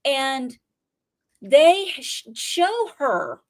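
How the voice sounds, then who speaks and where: A woman on a casual podcast with a voice pitched a little above the usual. She retells a show in a loose, swearing, animated ramble, full of asides. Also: extremely slow. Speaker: podcast co-host. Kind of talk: casual TV recap chat.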